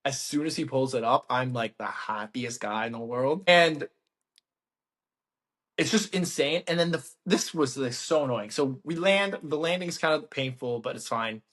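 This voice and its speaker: Animated young man telling a story. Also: medium pitch, moderate pace. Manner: animated, laughing, acts out quotes. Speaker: podcast co-host. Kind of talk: casual storytelling chat.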